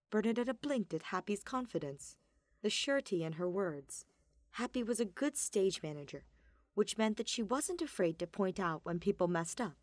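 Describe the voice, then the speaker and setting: Woman podfic reader, lively intonation, mid pitch, dry close recording. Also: moderate pace, no room sound. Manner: expressive storytelling. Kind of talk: scripted narration.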